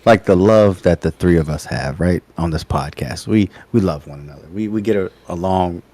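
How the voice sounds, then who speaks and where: A man's voice: sits low, moderate pace, warm tone, dry recording. A man co-hosting a podcast in casual chat, joking and teasing and laughing often. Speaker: podcast co-host.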